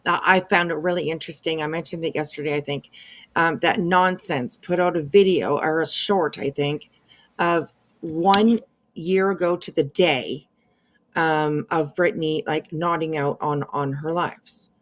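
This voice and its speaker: A woman's voice: low-pitched, steady tone, unhurried. A woman hosting a casual commentary stream, chatty and agreeable, with many fillers and restarts. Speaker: commentary channel host.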